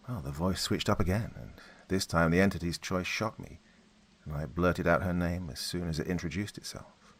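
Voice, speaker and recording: A man narrating a dark first-person story in a measured, dramatic reading. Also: sits low.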